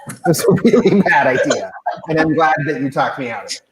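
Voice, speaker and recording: A man's voice: on the high side, sing-song, fairly quick, echoey room, a crowd in the background. A man hosting a talk show remotely, chatting casually with rambling, self-deprecating asides and hesitant restarts. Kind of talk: casual chat. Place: home room, remote video call.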